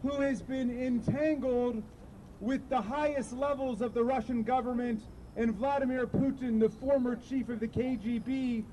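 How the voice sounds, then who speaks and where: A man's voice: very high-pitched, fairly even intonation, moderate pace, mellow, rough recording. A man giving an impassioned protest speech outdoors, leading call-and-response chants with sarcastic jabs. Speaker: rally speaker. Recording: crowd noise outdoors. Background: crowd and street noise.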